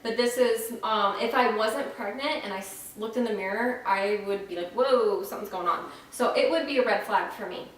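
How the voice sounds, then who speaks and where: In a casual at-home vlog about her pregnancy, a young woman from Florida speaks at a moderate pace in a slightly high voice, barely pausing and dropping frequent ums. She comes across frank and chatty, though her mouth is dry and she's a bit breathless. Recorded off-mic at a distance, the indoor room echoes heavily beneath faint noise.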